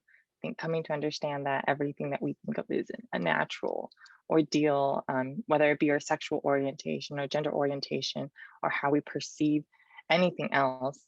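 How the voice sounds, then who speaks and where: A woman with a raspy voice, a poet and activist answering interview questions and reading her poetry over a video call, feeling for her words with frequent ums and restarts. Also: low voice, no room sound. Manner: thoughtful, searching for words, many ums and restarts. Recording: dull, dry video-call audio.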